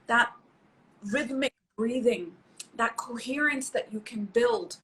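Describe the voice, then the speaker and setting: A woman's voice: on the high side, slow, fairly bright tone, a little hiss or hum, low-quality recording. A middle-aged woman, a psychologist, explaining in an emphatic, coaching way, often repeating herself for stress. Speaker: psychologist guest. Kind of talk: expert explaining in conversation.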